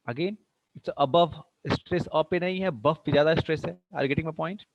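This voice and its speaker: A man's voice: a little high, fairly quick, no echo, poor audio. A man with an Indian English accent teaching an English class online. He asks many questions, repeats himself, and mixes in Hindi phrases.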